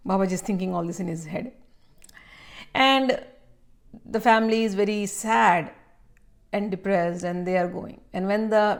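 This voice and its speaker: Halting woman telling a spiritual story. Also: medium pitch, gravelly. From India. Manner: halting with fillers, grows animated in dramatic parts. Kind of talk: spoken storytelling.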